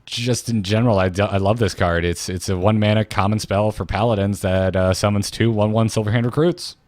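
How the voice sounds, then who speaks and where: Low-voiced man, dry close mic. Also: fairly even intonation, a little fast, darkish tone, no echo. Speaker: podcast co-host. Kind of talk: casual chat.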